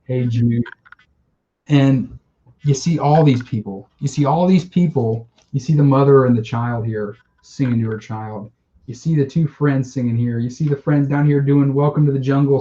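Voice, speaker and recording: A man's voice: medium pitch, steady tone, normal speed, warm tone, muffled recording. A man co-hosting a casual podcast, telling a story with emotion and some swearing. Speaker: podcast co-host. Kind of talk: casual chat.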